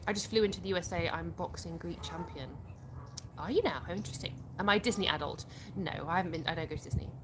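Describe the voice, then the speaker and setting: A woman's voice: lowish voice, fast talker, noisy background. A young English woman from England hosting a casual livestream on her phone outdoors, chatting and reading viewer comments aloud with easy laughter. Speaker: livestream host.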